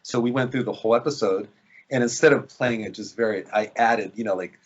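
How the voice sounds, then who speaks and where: Husky man telling a studio anecdote. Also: lowish voice, fairly quick, muffled recording. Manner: storytelling, acts out quoted dialogue. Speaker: actor telling a career story. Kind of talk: casual anecdote.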